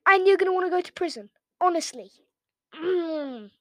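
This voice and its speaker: A woman's voice: extremely high pitch, fairly bright tone, a little hiss or hum. An English woman hosting a reaction video, ranting casually in a sarcastic, mocking way. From England. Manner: sarcastic and mocking, quick rants.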